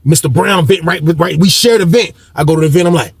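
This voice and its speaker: A young man with a gravelly, husky voice tells a story from his own life. He talks in loose, slangy bursts and acts out the people he quotes, his voice riding a little high for a man. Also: brisk, dry recording. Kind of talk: casual storytelling.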